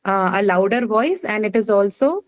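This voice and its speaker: A woman's voice: medium pitch, animated, moderate pace, poor audio. A woman teaching a class, explaining patiently with many fillers and checking questions. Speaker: English teacher. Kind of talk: live class lecture on word stress.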